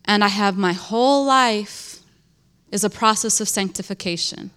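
A woman tells her personal faith story slowly and earnestly. She speaks in halting runs, fills her sentences with "like" and often restarts them. Her pitch sits in a middle range for a woman. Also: a bit bright, clear, resonant tone. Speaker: churchgoer giving a testimony.

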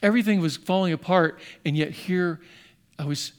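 Male pastor, slightly higher voice, animated storyteller acting out dialogue in his sermon. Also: moderate pace, smooth.

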